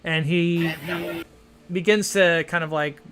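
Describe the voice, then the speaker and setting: A man's voice: a little high, steady tone, slow, a bit bright, a little hiss or hum. A man narrating as game master of a tabletop game, rambling with many fillers and hedges.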